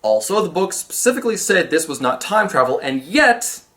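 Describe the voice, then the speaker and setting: Lively, sarcastic man reviewing a film. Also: on the high side, moderate pace. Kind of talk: comedic review narration.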